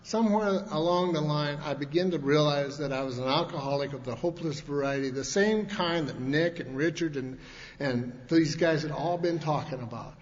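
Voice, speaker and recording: A man's voice: on the high side, moderate pace. A middle-aged man from Montana telling his recovery story to an audience, folksy and rambling, with constant restarts and colloquial grammar. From Montana, USA. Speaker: speaker at a recovery convention. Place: large convention hall. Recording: long hall reverb, dull lo-fi archival tape, faint hiss.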